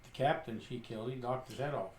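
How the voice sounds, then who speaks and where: A man's voice: mid-range voice, fast. Man telling a tabletop game, echoey room. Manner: storytelling, quotes his character's lines. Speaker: tabletop player. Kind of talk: narrating his character in a tabletop game. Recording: echoey room with faint noise.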